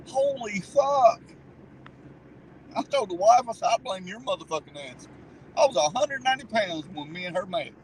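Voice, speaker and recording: A man telling rowdy stories with constant swearing, his high voice jumping all over the place. He sits in a car, with a faint hum of the vehicle behind him. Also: lively intonation, fast talker, poor audio. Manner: profane, laughing storyteller. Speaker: guest riding along. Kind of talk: casual chat.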